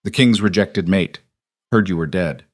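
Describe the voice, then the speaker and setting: A man voicing a weathered rebel wolf chief in his fifties with a rough northern mountain accent, dry and commanding. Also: sits low, normal speed, no room sound, close to an everyday voice. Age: 50s.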